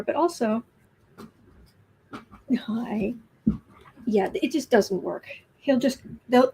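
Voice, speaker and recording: A woman hosting a casual tarot livestream from home, chatty, often dropping to soft whispers. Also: on the high side, slight background noise. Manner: chatty, soothing her cat in soft whispers between remarks. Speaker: astrology and tarot livestream host. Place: home room.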